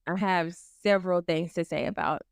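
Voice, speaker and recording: A woman's voice: on the low side, steady tone, moderate pace, smooth, dry recording, studio quality. A woman co-hosting a podcast, chatting in an easygoing, supportive way. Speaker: podcast co-host. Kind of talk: casual podcast chat.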